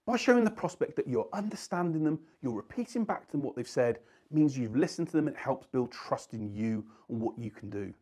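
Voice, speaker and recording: A man's voice: medium pitch, animated, fairly quick, few pauses, darkish tone. A man teaching sales skills in an earnest coaching tone, leaning on key words for emphasis. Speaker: sales trainer. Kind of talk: instructional talk to camera.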